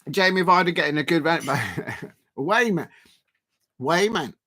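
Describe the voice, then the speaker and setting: A South London man hosts a live football watchalong in a fairly high, pushed and bright voice at a moderate pace. He chats casually, reads out viewer comments, and rambles with plenty of fillers and restarts.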